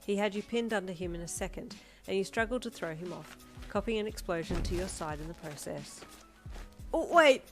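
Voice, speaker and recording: A woman narrating a fan fiction story in an expressive second-person reading. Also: on the low side, brisk, over music. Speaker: audiobook narrator.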